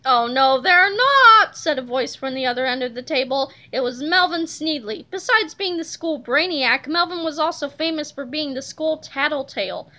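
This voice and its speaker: Bright, high-voiced woman reading aloud. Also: moderate pace, hardly any pauses. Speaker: reader. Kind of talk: reading a children's book aloud.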